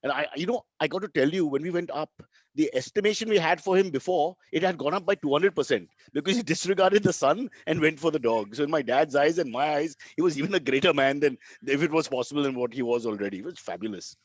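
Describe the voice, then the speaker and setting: A man's voice: fairly high pitch, fast, no room sound, lo-fi sound. A middle-aged man with an Indian English accent, telling wry comic stories as co-host of a comedy show. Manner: wry, deadpan jokes. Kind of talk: comic storytelling.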